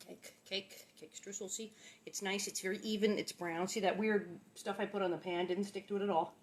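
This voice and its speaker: A woman's voice: medium pitch, fairly even intonation, brisk. A woman hosting a casual home cooking demo in her kitchen, chatty and playful, exclaiming often. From Los Angeles. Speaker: cooking show host.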